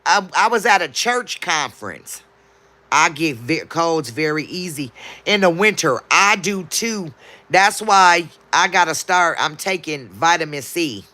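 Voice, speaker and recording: A woman's voice: fairly low pitch, expressive, unhurried, bright, forceful tone. A woman livestreaming, chatting casually and answering her viewers' comments as they come in.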